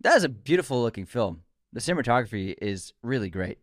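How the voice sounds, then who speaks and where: A man's voice: mid-range voice, very animated, quick pace, dry recording, studio quality. A man co-hosting a movie podcast, joking around and reading a sponsor spot. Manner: joking, reads sponsor spots. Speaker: podcast co-host. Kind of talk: casual chat with ad read.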